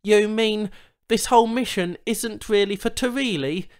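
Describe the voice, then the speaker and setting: A man's voice: high voice, a little slow, smooth, voice pushed up. A man voicing a confused, irritable human trader who questions everything in agitation.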